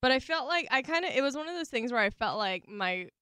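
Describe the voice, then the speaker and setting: Woman co-host, smooth voice. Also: high-pitched, very animated, fast, sharp tone, dry recording, clean studio sound. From Southern United States. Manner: giggly, easygoing chat. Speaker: podcast co-host. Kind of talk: casual interview conversation.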